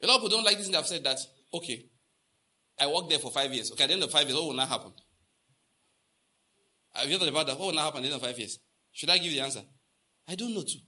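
Very fast yet broken by long pauses, this Nigerian pastor's slightly high, expressive voice has a sharp tone. His sermon features stories with acted dialogue, lines repeated for emphasis, and questions put to the congregation.

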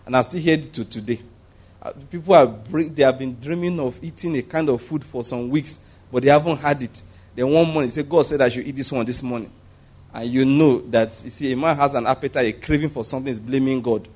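A man preaching a sermon in a humorous, conversational way. He chuckles at his own jokes and jumps up in pitch to stress a point. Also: brisk. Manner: animated, jumping up in pitch for emphasis.

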